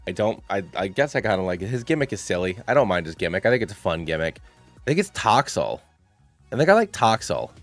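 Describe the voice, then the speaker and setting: A man's voice: on the low side, big pitch swings, quick pace, soft background music. A young man hosting a channel, talking through his picks in a rambling, playful way, with lots of fillers. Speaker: channel host. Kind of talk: casual gaming commentary.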